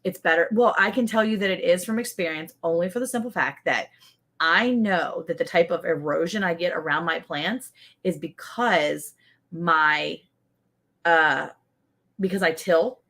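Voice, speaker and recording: A woman co-hosting a casual livestream, chatty and animated, laughing often. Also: lowish voice, measured pace. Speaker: livestream co-host.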